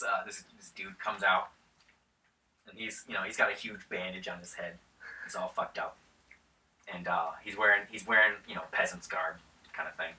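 A man's voice: low voice, steady tone, normal speed, bright, forceful tone. Man rambling casually as game master. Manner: casual, rambling, laughing often. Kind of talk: narrating a tabletop game. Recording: echoey room, distant mic.

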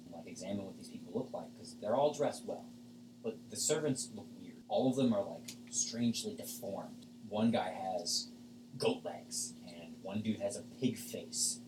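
A man's voice: fairly low pitch, normal speed, noisy background. A man narrating a tabletop game as game master, casual and rambling with many fillers. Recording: echoey room, far from mic.

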